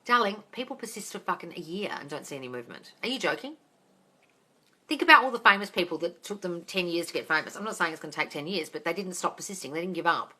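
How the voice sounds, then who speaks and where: A woman in her forties answering viewers' questions on a phone livestream at home, blunt and exasperated, swearing and often shouting. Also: fairly low pitch, expressive, fast, hardly any pauses, husky. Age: 40s. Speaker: manifesting coach answering live questions.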